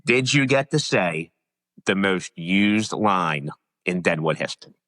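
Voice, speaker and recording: A man's voice: low voice, lively intonation, unhurried, a bit bright, long reverb tail. A man hosting an interview show, chatting casually and asking leading questions. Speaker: podcast host.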